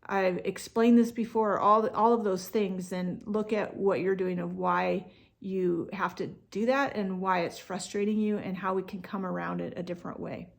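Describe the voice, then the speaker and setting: A woman coaching parents in a relaxed, conversational way, with frequent fillers and restarts. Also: fairly low pitch, moderate pace, gravelly. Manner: acts out what parents and kids say. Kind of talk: instructional talk to parents.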